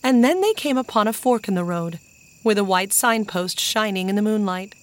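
A woman narrating a children's storybook in an even, measured way. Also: mid-range voice, dry recording. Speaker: audiobook narrator. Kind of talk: storybook reading.

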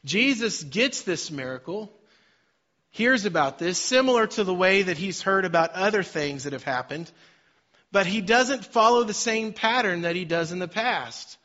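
Bright-voiced man preaching a sermon. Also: high voice, expressive, moderate pace, muffled recording. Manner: dynamic preaching with sudden loud and soft swings. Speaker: pastor.

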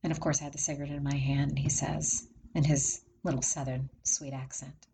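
Low-voiced woman telling a personal story. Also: level tone, a little fast, creaky, noisy background. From from Maryland area. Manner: heartfelt, chatty, laughs often.

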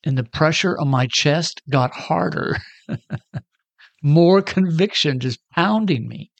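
A man's voice: on the high side, animated, slow pace, gravelly, no room sound, muffled recording. A man in his sixties telling a personal story in a casual, self-deprecating way and acting out the dialogue. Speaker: storyteller giving a personal testimony.

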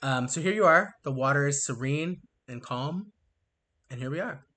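A man narrating and running a tabletop role-playing game as game master, relaxed and descriptive with frequent fillers. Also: fairly high pitch, normal speed.

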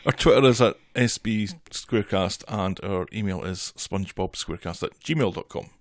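男播客主持人在轻松闲聊中回顾动画剧集，说话利落、就事论事，声音干涩，几乎没有回响。. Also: male voice, on the low side, moderate pace, no room sound, clean studio sound. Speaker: podcast co-host. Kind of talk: casual episode recap chat.

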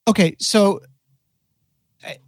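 A man's voice: takes it slowly, no echo, clean studio sound. A man chatting on a podcast as a guest watch writer, rambling with frequent restarts and casual swearing.

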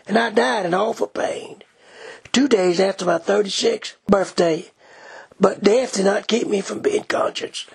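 A man giving a dramatic first-person gospel tract reading, solemn, measured and pleading in the manner of a preacher. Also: sits high, vocal fry, breathy edge.

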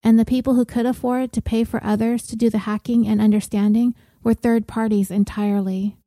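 A woman reads a novel aloud in a measured, gentle way. Her tone is deeply dark and mellow, and the recording is dry and close, with no room around her. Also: little pitch movement, dry recording. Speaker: audiobook narrator. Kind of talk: scripted narration.

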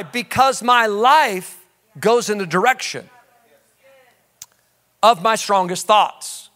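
A man preaching a sermon as pastor, animated, swinging from shouts to low asides and calling out to the congregation. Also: slow, long pauses. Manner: conversational storytelling with audience call-outs.

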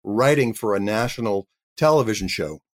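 A man's voice: lowish voice, moderate pace. A man, a guest actor, telling his career story in a chatty interview with frequent restarts. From Canada.

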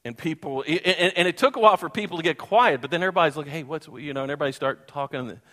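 A man preaching a sermon as a pastor, telling a story in an animated way and acting out the voices of the people in it. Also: on the high side, rapid-fire. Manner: animated, acts out voices and sings. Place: church hall. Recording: long hall reverb.

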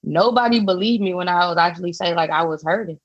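A woman's voice: lowish voice, fast, breathy edge, no echo. Candid woman guest on dull audio. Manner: candid, hesitant, lots of fillers. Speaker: author and guest. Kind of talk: casual interview conversation.

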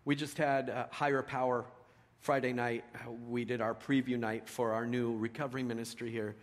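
A middle-aged man preaching a sermon in a conversational storytelling way, dropping to a hush and rising to loud emphasis. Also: medium pitch, little pitch movement, normal speed. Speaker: pastor.

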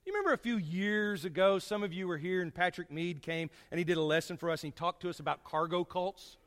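A man preaching a sermon to his congregation, folksy and storytelling, swinging from loud to hushed. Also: high-pitched, fast talker, in a large hall.

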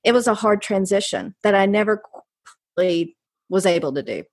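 Middle-aged woman, North Carolina Southern accent, animated interview storyteller, medium pitch. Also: a little fast. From North Carolina, USA. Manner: animated, jumps into voices when quoting people. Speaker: guest.

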